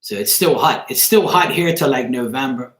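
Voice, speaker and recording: With lively intonation at a moderate pace, a Bermudian man of medium pitch chats on a live stream, responding to viewers by name. He jokes and swears offhandedly while reading chat, and the room sounds echoey.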